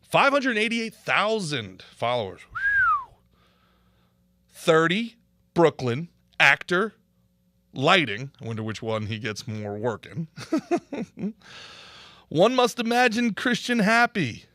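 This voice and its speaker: A man hosting a podcast, talking casually in an animated, opinionated way. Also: a little high, slow, long pauses, no room sound, studio quality. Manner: animated, opinionated ranting with laughs. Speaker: podcast host and comedian.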